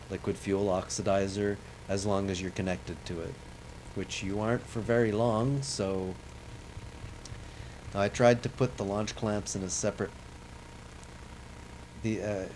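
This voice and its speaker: A man's voice: lowish voice, darkish tone, a little hiss or hum, rough recording. A man streaming a space-flight game, giving rambling, chatty, self-deprecating commentary as he plays. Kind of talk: casual commentary while playing a space sim.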